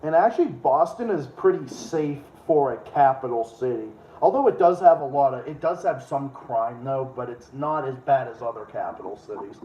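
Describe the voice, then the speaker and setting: A man with a New England accent, hosting a relaxed stream chat and sounding blunt and rambling, his words laced with casual swearing. His voice is mellow and mid-pitched. It carries the echo of a room, slightly dull, over a faint background hiss. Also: moderate pace, hardly any pauses. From Massachusetts. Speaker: streamer host.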